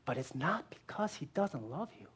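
A woman pastor giving a sermon, earnest, asking rhetorical questions and moving between strong emphasis and quiet, hushed lines. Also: sits low, big pitch swings, normal speed, husky.

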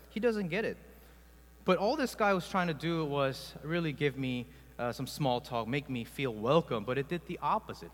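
A pastor from South Korea preaching a sermon, telling personal stories in a conversational way with many filler sounds. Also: male voice, fairly high pitch, lively intonation, normal speed, in a large hall.

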